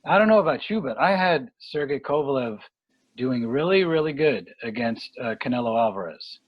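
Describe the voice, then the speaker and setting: A man talking boxing in a casual podcast chat, rambling and halting with lots of fillers and restarts. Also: mid-range voice, expressive, highs cut off. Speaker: boxing analyst guest.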